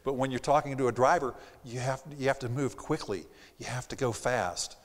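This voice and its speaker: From a theater stage, a sales trainer with a medium-pitched voice and slight Southern accent presents a live seminar, animated and quick to do impressions of the customers he quotes. The hall's long reverb makes his voice ring out.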